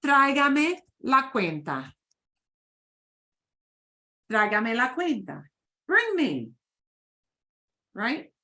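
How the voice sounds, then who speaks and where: A woman's voice: high voice, very animated, drawn-out words, pauses often, pushed and bright. A woman teaching a beginners' Spanish class, patiently repeating phrases for her students to echo.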